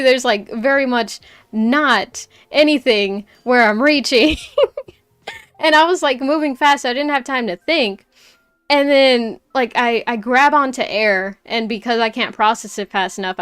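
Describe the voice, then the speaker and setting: A woman streamer telling a story in casual chat, animated, laughing often and full of fillers. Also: a little high, a little slow, clear, resonant tone.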